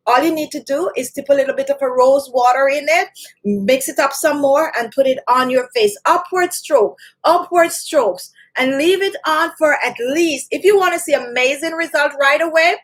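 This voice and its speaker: A high-voiced woman talks to camera as a beauty channel host. She explains home remedies in a chatty, instructive way, repeating her points and greeting viewers by name. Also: fairly bright tone. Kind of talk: casual talk to camera.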